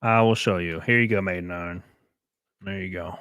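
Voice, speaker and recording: A Southern US man hosts a live stream, speaking briskly in a low, steady, fairly bright and clean voice with no echo and clean studio sound. His casual chat is loose and jokey, and he rambles while reading viewer messages aloud and thanking them.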